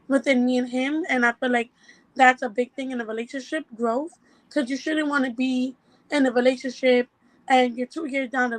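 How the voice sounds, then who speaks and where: Hesitant young woman, bright high voice, dry mic. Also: dry recording, rough recording. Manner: hesitant, many ums. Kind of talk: casual podcast talk.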